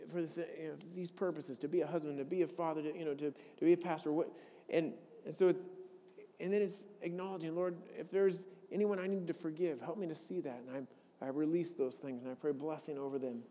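A man's voice: a little high, fairly even intonation, fairly quick, dark tone. A male pastor giving a sermon in a church, talking in a conversational, earnest way and often restarting with repeated words. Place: church sanctuary. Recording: long reverb of a large hall.

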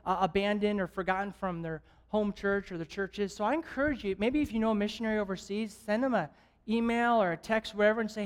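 A man preaching as a guest evangelist at a church service. He is an animated storyteller who jokes and chuckles often. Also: high voice, quick pace, clear, resonant tone. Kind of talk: lively sermon with stories.

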